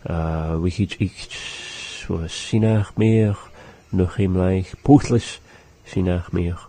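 A man teaching words of his language in a casual lesson, saying them slowly and repeating them. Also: low-pitched, warm tone.

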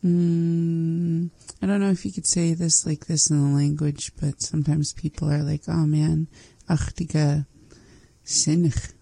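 A woman learning a language in a casual lesson, repeating phrases slowly and thinking aloud. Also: sits low, flat delivery, creaky, mellow, breathy edge, no echo.

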